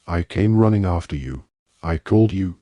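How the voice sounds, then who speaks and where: Guy reading angry teen witch girl, sharp scolding, deep low voice. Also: lively intonation, moderate pace, dry recording, lo-fi sound. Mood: furious. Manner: sharp scolding, loud outbursts. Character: furious teenage witch girl, fierce and shrill.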